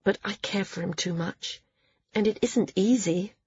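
A woman voicing a seasoned woman flyer who gives measured, frank advice in a storybook reading. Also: mid-range voice, darkish tone, husky, no room sound, highs cut off. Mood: troubled. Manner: measured, advising.

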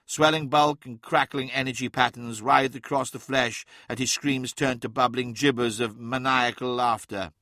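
A man narrates dramatic fiction in measured, vivid storytelling. His tone is bright and crisp, recorded dry and close. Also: medium pitch, steady tone, no echo. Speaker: audiobook narrator.

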